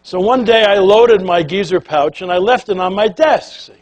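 Older guy giving a talk, highish voice, folksy storyteller, does little voices for people. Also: moderate pace, muffled recording. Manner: animated, folksy, acts out quotes and quacking sounds. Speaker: keynote speaker. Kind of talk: storytelling speech to an audience.

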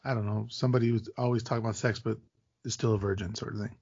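A man's voice: lowish voice, fairly even intonation, rapid-fire, vocal fry, darkish tone, highs cut off, slight background noise. A man hosting a podcast, eagerly explaining film trivia in casual chat. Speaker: podcast host.

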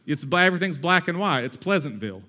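A man in his thirties preaching a sermon in a conversational, energetic way, with asides and humor. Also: on the high side, quick pace. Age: 30s. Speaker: pastor.

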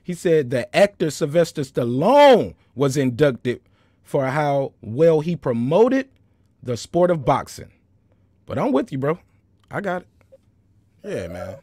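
A man hosting a casual boxing talk show, telling animated stories full of slang and profanity. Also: on the high side, takes it slowly, long pauses, no echo, studio quality. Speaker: host. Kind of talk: casual chat.

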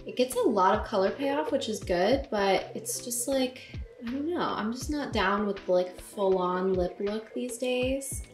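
A young woman vlogging about her beauty products in casual chat to camera, chatty and excitable, with lots of fillers. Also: on the high side, unhurried, few pauses. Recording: roomy echo with music over it. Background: background music.

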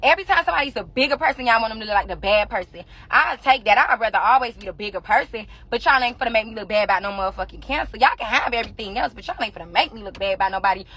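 A young woman, a rapper addressing fans, goes on an angry social media rant, defiant and profane, firing rapid insults at her critics. Her voice is fairly high, animated, sharp, and husky.

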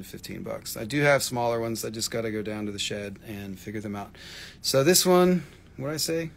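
A man's voice: medium pitch, vocal fry, fairly bright tone. A man hosting a live rock-selling stream, rambling casually, swearing freely and calling out prices to viewers.

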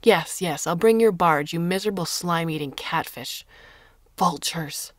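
A woman's voice: fairly low pitch, moderate pace, breathy edge, no room sound, studio quality. A woman voicing a hot-tempered young Venetian boatman who argues and hurls insults. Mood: furious. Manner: indignant, shouting insults.

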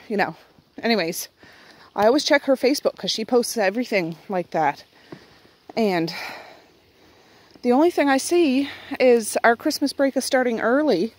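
A middle-aged woman with a Nova Scotian accent, chatting in a rambling, self-correcting way for her home vlog. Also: on the high side. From Nova Scotia, Canada. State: out of breath. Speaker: vlogger. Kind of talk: casual chat. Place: outdoors in snow at dawn.

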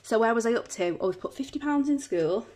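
A woman chatting casually at home as a budgeting vlogger, counting banknotes aloud in a steady patter. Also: a little high, fairly quick. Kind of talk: casual chat while counting cash.

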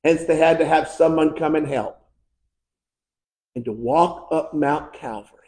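An American pastor preaching a fervent sermon, swinging between shouted climaxes and hushed, quiet lines. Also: male voice, a little high, unhurried. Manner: impassioned preaching, building to shouts and dropping to hushed tones. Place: church sanctuary. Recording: echoey church room.

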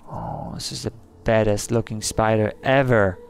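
With slight background noise, a gaming host's lowish, creaky voice keeps a fairly even intonation at a moderate pace. He commentates a let's play of a scary game, easily spooked and letting out gasps and alarmed cries of "oh no."

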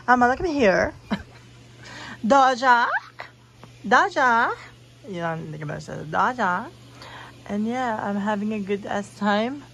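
Young woman vlogger, mid-pitched voice, giggly and rambling, swears freely, casual bedroom room-tour. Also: a little hiss or hum, low-quality recording. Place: own bedroom.

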